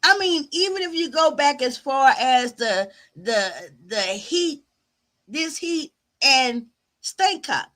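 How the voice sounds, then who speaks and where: Sassy, bright-voiced woman commentator. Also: sits high, animated, takes it slowly. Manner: sassy, drawling, repeats words and trails off. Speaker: YouTube commentary host. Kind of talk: casual live-stream commentary.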